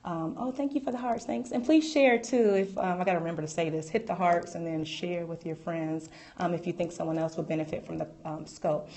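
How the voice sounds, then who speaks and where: A woman's voice: lowish voice, brisk, hardly any pauses, darkish tone. A woman coach talking live on a phone stream, enthusiastic and chatty, often stopping to thank her viewers. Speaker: life coach and business owner.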